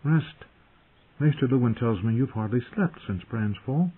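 A man plays an earnest young lord in an audiobook, his voice lifted a little above the narrator's own. The tone is husky and the recording is tinny, as if heard over a phone. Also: medium pitch, sing-song, brisk, voice pushed up. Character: young male lord, earnest protective son.

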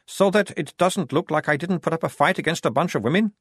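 A man's voice: on the high side, fast talker, slightly rough, no room sound, clean studio sound, pitched above the performer's own voice. A man voicing hapless male guards who speak in a sheepish, wheedling way.

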